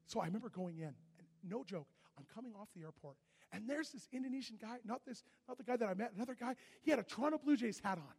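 High, husky-voiced male preacher in a reverberant hall. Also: fast talker. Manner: animated storytelling, shouting at peaks. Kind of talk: sermon. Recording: echoey hall with long reverb.

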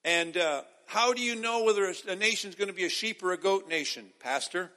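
High, bright-voiced man preaching in a hall. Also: fairly quick. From Israel. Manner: emphatic, calls out to the audience. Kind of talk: sermon.

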